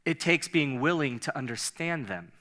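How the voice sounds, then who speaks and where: A man preaching a sermon in a conversational, animated way, often laughing and repeating himself. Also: a little high, moderate pace. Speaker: pastor.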